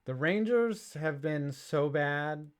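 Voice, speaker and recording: A man's voice: a little high, animated, slow pace, clean tone. A young man co-hosting a sports podcast, casual and sarcastic, reading viewer messages aloud. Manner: jokey, sarcastic, reads viewer chats aloud. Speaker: podcast co-host.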